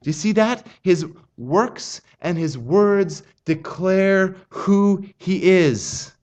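A middle-aged man preaching a sermon, earnest and emphatic, reading scripture aloud with slow, weighted pauses. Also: high-pitched, darkish tone.

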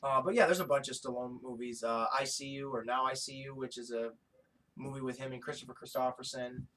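A man co-hosting a podcast in casual chat, talking in a rambling, excitable way with plenty of swearing. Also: mid-range voice, fairly quick, rough recording. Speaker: podcast co-host.

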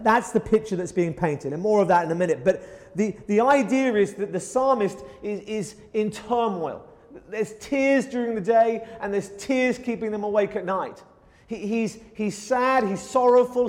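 A man with a high voice preaches a sermon earnestly. He acts out quoted pleas with a rising voice. Long reverb hangs behind him. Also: moderate pace. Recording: hall reverb.

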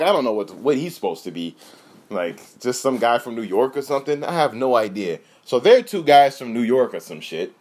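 A man's voice: mid-range voice, sing-song, moderate pace. A man in his thirties delivering a profane, comedic rant with laughing asides. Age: 30s. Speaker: comedian host.

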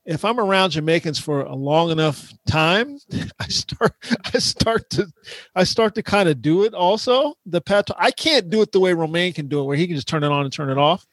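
A man's voice: fairly high pitch, lively intonation, moderate pace, fairly bright tone, no room sound. Joking man on a dry mic. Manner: joking, laughs often. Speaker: comedian guest. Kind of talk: casual podcast banter.

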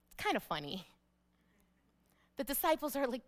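A woman pastor preaching a sermon, emphatic, repeating key phrases and dropping to a hush for weight. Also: high-pitched, very animated, moderate pace, pauses often.

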